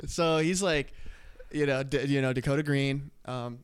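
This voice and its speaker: A man's voice: mid-range voice, steady tone, a little slow, clear, resonant tone. A young man co-hosting a podcast, telling a rambling, profane story full of laughter in casual chat. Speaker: podcast co-host.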